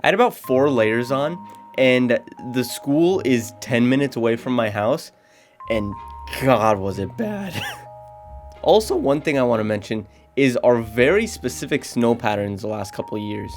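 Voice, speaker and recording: A man's voice: medium pitch, animated, normal speed, faint music behind. A teenage man from North Dakota with a slight North Dakota accent, hosting a sarcastic, self-mocking comedy vlog. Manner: sarcastic, jokey, self-deprecating. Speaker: YouTuber.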